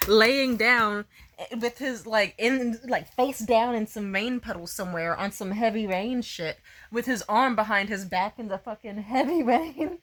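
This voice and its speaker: A woman's voice: on the high side, a bit bright. A woman vlogger casually telling a story, swearing freely, laughing often and saying "like" a lot. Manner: profane, laughs often, lots of "like".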